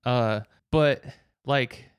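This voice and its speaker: A man's voice: medium pitch, very slow, clear, resonant tone, dry recording, clean studio sound. A young man in casual film chat, thinking aloud hesitantly with many fillers.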